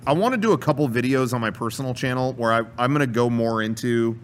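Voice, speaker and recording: A man co-hosting a casual podcast chat about video games, animated and prone to acting out gameplay. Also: medium pitch, fast talker, slight background noise. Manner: animated, acts out gameplay with loud exclamations. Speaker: podcast co-host.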